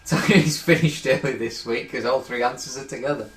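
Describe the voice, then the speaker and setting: A man's voice: medium pitch, brisk, fairly bright tone. A man co-hosting a podcast, reading listener answers with many ums and a wry tone. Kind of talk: casual banter. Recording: roomy with faint noise.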